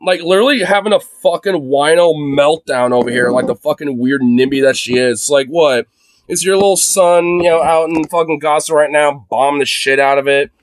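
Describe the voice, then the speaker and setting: A man's voice: on the high side, normal speed. Profane ranting young male streamer. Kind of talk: livestream commentary rant. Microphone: phone.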